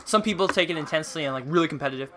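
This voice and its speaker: A man's voice: on the high side, very fast, sharp tone, a little hiss or hum. A man giving playful, goofy running commentary while livestreaming a game. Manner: playful and goofy, hyped exclamations. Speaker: gaming streamer. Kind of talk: casual gaming livestream commentary.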